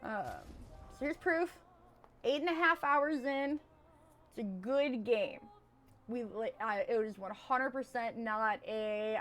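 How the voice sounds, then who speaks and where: With faint music behind her, a young woman with a high, squeaky voice takes it slowly in a casual live-stream chat. She rambles on, swinging between loud and hushed.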